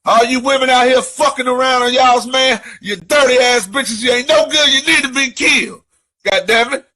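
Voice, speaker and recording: A man's voice: very high-pitched, normal speed, bright, forceful tone, heavily acted. A man playing a furious, cheated-on working man who rants profanely and is out of breath. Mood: raging. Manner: profane, rambling rant. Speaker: comedian in a skit clip.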